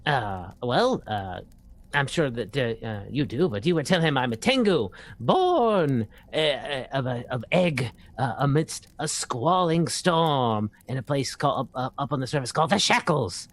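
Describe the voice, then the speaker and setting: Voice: medium pitch, very animated, measured pace. A player speaking in character at a tabletop game, stammering and repeating words.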